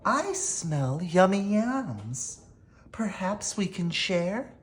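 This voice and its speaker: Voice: mid-range voice, very animated, drawn-out words, pitched above the performer's own voice. A storybook reader voicing a friendly badger who talks with a grin in a lifted, chummy voice. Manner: chummy, grinning.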